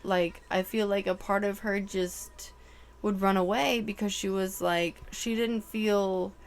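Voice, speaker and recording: A woman tarot reader giving a channeled reading, emotional and halting, full of "like" fillers. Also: medium pitch, fairly even intonation.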